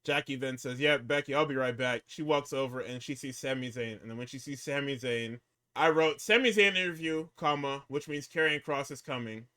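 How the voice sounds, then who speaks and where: A man co-hosting a casual, profane talk show, recapping wrestling and swinging between hyped outbursts and low muttering. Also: brisk, sharp tone, clear, resonant tone. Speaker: podcast co-host recapping wrestling.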